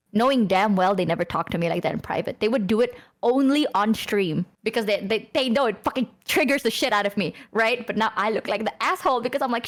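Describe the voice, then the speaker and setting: A woman streamer in casual chat, animated and swearing often, with sudden high-pitched outbursts. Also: a little fast.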